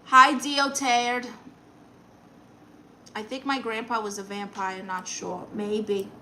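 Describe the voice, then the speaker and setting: Reading viewer comments on a casual live stream, this woman comedian teases and sasses, breaking into overdone quote voices. She speaks slowly in a slightly high, sharp voice with little pitch movement, over poor audio that has a faint hiss or hum.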